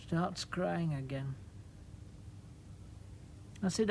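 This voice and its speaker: Slow, dry-voiced male monologue performer. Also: mid-range voice, lively intonation, slightly rough. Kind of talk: stage monologue, narrating and quoting dialogue.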